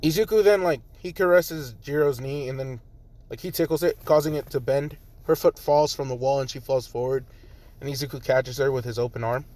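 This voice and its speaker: A man's voice: mid-range voice, a little fast, a little mellow. A man improvising a fan story in a rambling, casual way, full of fillers, recorded on a phone.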